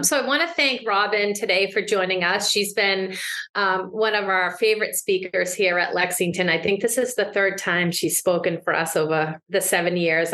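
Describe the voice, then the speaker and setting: Mid-pitched woman host, casual and friendly, introducing a speaker. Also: fairly bright tone. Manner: casual, friendly, with frequent ums. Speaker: event host.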